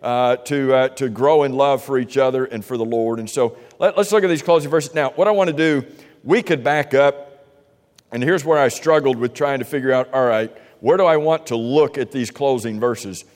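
A man's voice: mid-range voice, moderate pace, darkish tone. Man preaching in a reverberant church. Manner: conversational, asks the congregation questions, many restarts. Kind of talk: sermon. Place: church sanctuary.

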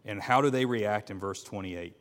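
Man teaching a Bible class in a hall. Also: fairly low pitch. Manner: halting, with many fillers and restarts, asks the class questions. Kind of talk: teaching a Bible class, reading scripture aloud. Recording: long reverb in a hall.

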